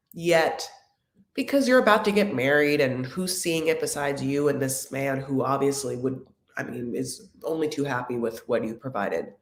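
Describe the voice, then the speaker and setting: A woman hosting a live chat recap of a reality show, sassy and chatty, calling her viewers honey. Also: deep voice. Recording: echoey room.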